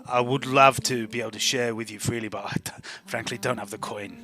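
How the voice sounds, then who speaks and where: A man's voice: mid-range voice, fairly even intonation, fairly quick, pushed and bright. A man doing a meek stammering traveller. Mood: timid. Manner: apologetic, stammering, hesitant. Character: meek stammering male traveller selling ale. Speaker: non-player character.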